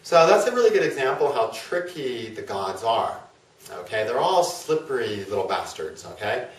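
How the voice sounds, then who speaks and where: A man's voice: medium pitch, very animated, normal speed. Chatty male astrologer in an echoey room. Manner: chatty, with fillers and tag questions. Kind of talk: casual storytelling lecture. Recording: roomy, from a distance.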